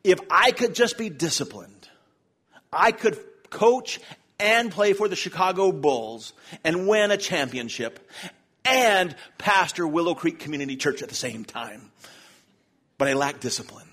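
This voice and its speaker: A man's voice: a little high, animated, unhurried, fairly bright tone, husky, voice pushed up, full character voice. A man voicing his friend, an eager young male youth pastor, talking earnestly about big dreams.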